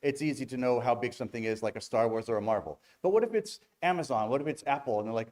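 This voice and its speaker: A man giving a quick, candid industry talk on stage at a games event, with joking asides. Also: medium pitch, expressive, a little mellow. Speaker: conference speaker. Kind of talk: fast-paced industry talk.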